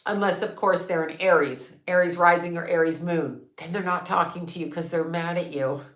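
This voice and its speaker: A woman's voice: on the low side, steady tone, normal speed. Woman, sixties, casual livestream chat, blunt, swears, laughs a lot, roomy echo. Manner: candid, swears freely, laughs often. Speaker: psychic and astrologer livestream host.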